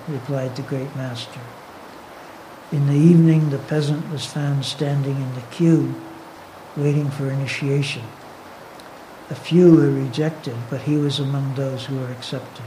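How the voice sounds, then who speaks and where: A man narrating a story in a steady, measured reading voice. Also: mid-range voice, a little hiss or hum, low-quality recording.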